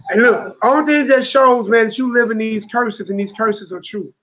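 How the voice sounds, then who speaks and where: A man's voice: high-pitched, normal speed, fairly bright tone, a little hiss or hum, rough recording. A man teaching a Bible study to a room of brothers, preaching emphatically and often asking "you know what I'm saying?".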